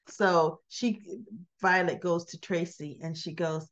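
A woman's voice: on the low side, takes it slowly. A woman casually recapping a daytime soap episode, acting out the characters' lines as she tells it. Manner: animated retelling, acts out dialogue in quotes. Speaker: soap opera reviewer. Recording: slightly dull lo-fi audio.

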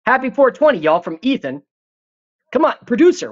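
A man runs a live stream and talks through viewer comments in a casual, rambling way. He swears freely and jokes constantly. His pitch leaps and swoops, and the audio is dull and lo-fi. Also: very animated, fast talker. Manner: profane, rambling, joking and hyped.

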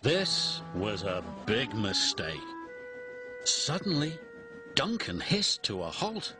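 A man narrating a children's read-along storybook in an expressive, dramatic way. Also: lowish voice, slow pace. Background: music.

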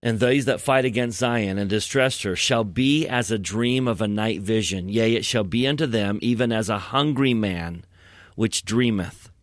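A man's voice: on the low side, normal speed, no echo, studio quality. A man co-hosting a scripture podcast, explaining earnestly and reading verses at length. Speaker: podcast co-host. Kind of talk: casual scripture discussion.

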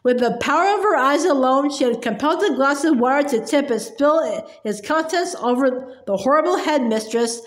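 Woman narrator, high voice, expressive read-aloud, echoey room. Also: normal speed, hardly any pauses. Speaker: storybook reader. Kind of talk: chapter book read-aloud.

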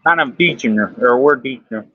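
A man's voice: mid-range voice, brisk, no echo, narrow, tinny audio. A man fishing on a pontoon boat, answering in an easygoing, offhand way from a little away from the mic. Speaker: fishing companion. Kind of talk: casual chat.

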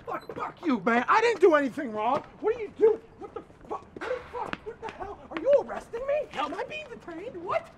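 A man's voice: extremely high pitch, big pitch swings, a little fast, echoey room, background noise. A young actor playing a man irrationally enraged by sports fans, swearing constantly and muttering until he bursts into screaming. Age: young adult. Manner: profane, seething muttering that erupts into screaming. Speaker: lead actor in a comedy short film. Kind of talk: comedy film acting.

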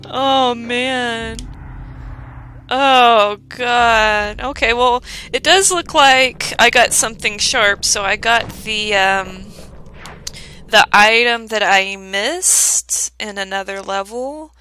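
A woman's voice: a little high, slow, pushed and bright, slight background noise. A woman giving live gameplay commentary as a let's play host, exclaiming and mocking her own mistakes.

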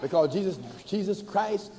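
An older man, a bishop preaching a sermon to a church congregation, folksy and humorous, slowing to chanted emphasis. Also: sits high, warm tone. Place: large church before a congregation. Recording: hall reverb with faint ambience, cassette.

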